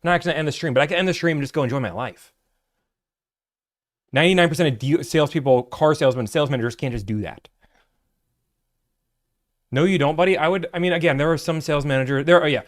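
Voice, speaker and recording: A man's voice: on the high side, fast, long pauses. A man, hosting a livestream from his office, chatting casually and teasing the chat with sarcasm. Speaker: livestream host, car buying broker.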